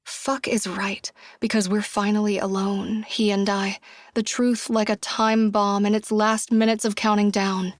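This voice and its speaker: A woman's voice: mid-range voice, flat delivery, a little slow, no echo. A woman giving intense, emotional first-person narration of a thriller audiobook on a close studio mic.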